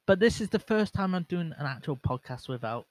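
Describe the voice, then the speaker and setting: A man's voice: a little high, animated, brisk, no room sound, rough recording. A young man hosting a solo podcast, rambling and self-mocking with lots of fillers and restarts, into a bare microphone. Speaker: podcast host. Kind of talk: casual solo podcast chat. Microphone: bare microphone without windscreen, monitored on headset.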